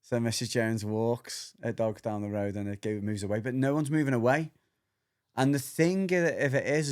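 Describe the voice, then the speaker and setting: A man co-hosting a casual podcast chat, explaining dog behaviour as an animated storyteller who acts out voices and swears freely. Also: mid-range voice.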